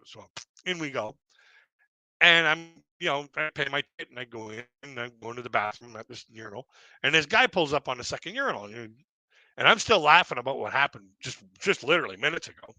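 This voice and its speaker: A man's voice: on the high side, bright, forceful tone, dry recording. A middle-aged man telling rambling, self-deprecating comic stories, chuckling often. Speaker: stand-up comedian.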